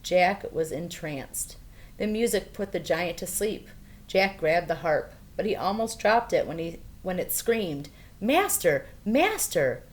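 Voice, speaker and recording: Low-voiced woman reading a storybook. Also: unhurried. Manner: expressive, playful reading. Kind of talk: children's storybook read-aloud.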